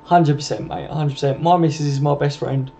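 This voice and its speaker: A man's voice: on the high side, fairly even intonation, brisk, dark tone, slight background noise. A man with a chatty, laddish manner, hosting a casual live stream and replying to viewers' comments. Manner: laddish, chatty, swears, laughs often, reads out comments. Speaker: live-stream host answering chat. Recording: dull lo-fi stream audio.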